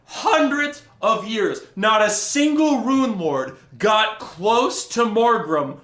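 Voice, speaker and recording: A man's voice: sits high, expressive, takes it slowly, a bit bright, reverberant. A man hosting a game-lore video, ranting in exasperation and swearing freely. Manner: exasperated, profane, acts out characters' lines.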